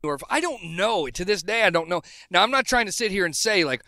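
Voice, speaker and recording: A man's voice: sits high, expressive, fast, bright, forceful tone, no room sound, studio quality. A man on a podcast telling a casual story, rambling with many restarts. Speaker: podcast co-host.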